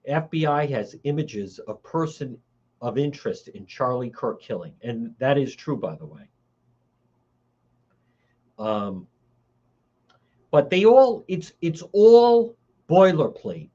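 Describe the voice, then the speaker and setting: A man's voice: a little high, highs cut off. A man hosting a livestreamed political commentary show, talking in a heated, indignant way and repeating his points. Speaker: talk show host.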